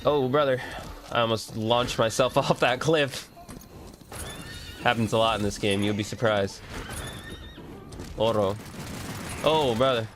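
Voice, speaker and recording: A man's voice: mid-range voice, steady tone, moderate pace, long pauses, noisy background. A man streaming a video game, chatting casually, cursing now and then, and reading the game's prompts aloud. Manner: laid-back, swears, reads game prompts aloud. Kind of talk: casual gameplay commentary.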